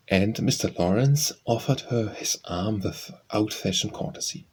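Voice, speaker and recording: A man narrating an audiobook of a classic novel in a steady, measured reading. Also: fairly low pitch, breathy edge, poor audio. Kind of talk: scripted narration.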